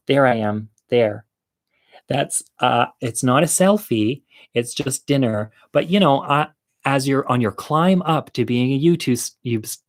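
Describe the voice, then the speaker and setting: Animated man telling a childhood story. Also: medium pitch, vocal fry. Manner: animated, acts out quoted voices, laughs often. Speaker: storyteller vlogger. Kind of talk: casual personal storytelling.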